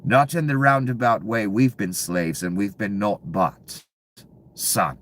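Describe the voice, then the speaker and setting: A man delivering a profane, angry political rant to viewers, dropping to low mutters and then bursting out loud. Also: measured pace, a little hiss or hum. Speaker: commentary channel host.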